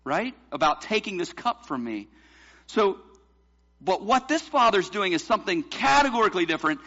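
Male pastor, emphatic sermon delivery, slightly high bright voice, muffled lo-fi recording. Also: big pitch swings, moderate pace. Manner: emphatic preaching, rhetorical questions to the congregation.

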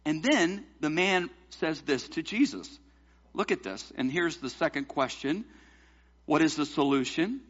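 Male pastor, emphatic sermon delivery, slightly high bright voice, muffled lo-fi recording. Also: lively intonation, unhurried. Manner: emphatic preaching, rhetorical questions to the congregation.

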